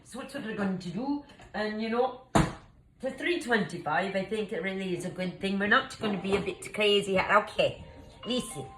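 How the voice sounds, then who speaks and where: A woman playing a scatterbrained Mad Hatter cooking in an improvised comedy show. She rambles and gets flustered, and her Scottish-tinged accent wanders. Her pitch sits mid-range, with a faint hiss of noise behind her. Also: moderate pace, close to an everyday voice. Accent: Scottish-tinged, shifting. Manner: rambling, flustered, chatty, muddles measurements. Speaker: cooking show host in costume.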